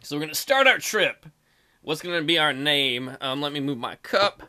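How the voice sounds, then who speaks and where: A man's voice: on the high side, expressive, normal speed, bright, forceful tone. A man hosting a let's play video, joking crudely and reading game text aloud, with keyboard typing behind him. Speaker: gaming video host. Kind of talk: casual let's play commentary.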